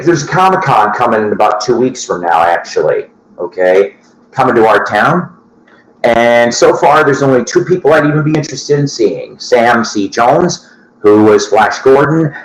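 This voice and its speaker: Guy rambling about his records, swears a lot, laughs at his own jokes, mid-pitched voice, echoey room. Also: expressive, normal speed. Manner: loose and profane, laughs at his own asides. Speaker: host of a record-collecting show. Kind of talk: casual rambling chat to viewers.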